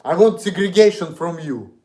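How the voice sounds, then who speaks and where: A man's voice: high voice, expressive, moderate pace, a little mellow. A man with a Russian accent, streaming an indignant, profane, repetitive rant. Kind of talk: ranting monologue.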